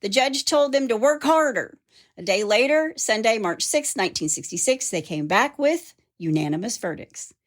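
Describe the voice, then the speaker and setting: A woman's voice: on the high side, animated, moderate pace. A woman hosting a podcast, telling a true-crime story in a casual way and reading out quotes with teasing asides. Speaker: podcast host.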